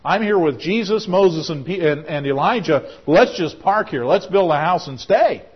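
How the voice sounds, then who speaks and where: An impulsive male disciple who speaks before he thinks, eager and raised in pitch, as a preacher acts him out. The voice is husky and a little raised. The sound is dull and lo-fi. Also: lively intonation, unhurried, full character voice. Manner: eager, blurting. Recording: dull lo-fi recording.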